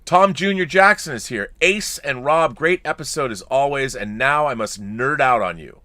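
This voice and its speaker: A man with a bright, forceful voice talks loosely on a casual podcast, breaking off and restarting his sentences. He reads viewer letters aloud between bits of chat. The sound is close and dry, with no room around it. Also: medium pitch, moderate pace, no echo. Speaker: podcast co-host.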